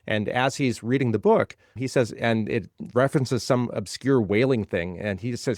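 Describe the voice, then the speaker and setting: A man's voice: medium pitch, normal speed, few pauses, darkish tone, no echo, clean studio sound. A man being interviewed as a legal tech guest, explaining ideas in a conversational way and building points by repeating phrases.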